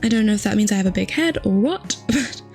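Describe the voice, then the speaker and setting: A young woman chatting casually through a hair tutorial, upbeat and full of fillers, her voice still rough from just waking up. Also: mid-range voice, animated, quick pace, darkish tone, soft background music. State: morning voice, just woken.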